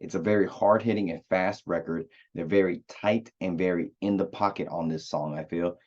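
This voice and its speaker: A man's voice: sits low, fairly even intonation, moderate pace, a little mellow, dull audio. A man giving a loose, rambling spoken review of an album as a music reviewer, with many fillers and restarts.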